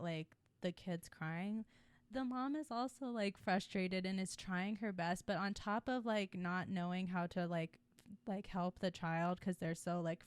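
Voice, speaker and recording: A woman's voice: lowish voice, clean tone. A woman co-hosting a podcast, musing in casual chat with lots of filler words. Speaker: podcast co-host.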